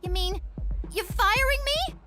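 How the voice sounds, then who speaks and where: A woman's voice: very high voice, animated, unhurried, music in the background. A woman voicing a spoiled, melodramatic teenage daughter in a cartoon, whiny and manipulative. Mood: indignant.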